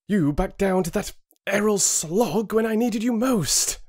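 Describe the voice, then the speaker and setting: A man's voice: medium pitch, big pitch swings, a little slow, dry recording, clean studio sound, pitched above the performer's own voice. A man voicing an angry, defiant young man who speaks in a bitter, accusing tone in an audiobook.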